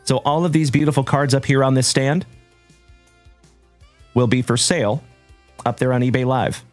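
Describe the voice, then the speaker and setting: A man hosting a live trading-card stream, chatting warmly with viewers and giving shout-outs. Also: mid-range voice, fairly even intonation, moderate pace, dry recording, faint music behind. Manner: hearty, shout-outs full of "my brother" and "my man". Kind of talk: upbeat livestream chat with viewers.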